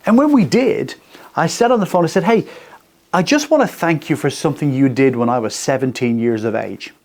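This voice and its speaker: A man's voice: fairly high pitch, expressive, fairly quick, a little mellow. A man in his sixties hosting a radio faith talk, earnest and personal, speaking in short repeated phrases. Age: 60s. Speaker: radio host. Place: radio studio.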